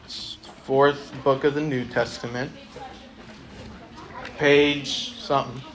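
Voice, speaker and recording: A man's voice: medium pitch, little pitch movement, takes it slowly, a bit bright. A young man giving a casual, conversational sermon to a youth group, reading a Bible passage aloud. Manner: casual, conversational, many ums.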